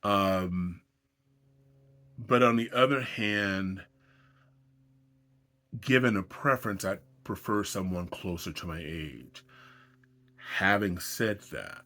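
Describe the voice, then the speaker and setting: A man's voice: sits low, slow pace, long pauses, bright, forceful tone. A middle-aged man telling his own dating stories in a wry, self-deprecating, conversational way. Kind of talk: casual storytelling to camera.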